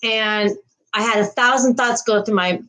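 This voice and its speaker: Woman livestream host with a slightly high voice, chatty and rambling, greets viewers by name. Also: fairly even intonation, normal speed, sharp tone, rough recording. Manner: frequent laughs and restarts. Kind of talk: casual livestream chat.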